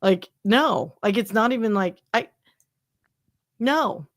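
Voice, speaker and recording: A woman around forty chatting casually on a livestream, animated and full of fillers. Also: medium pitch, takes it slowly.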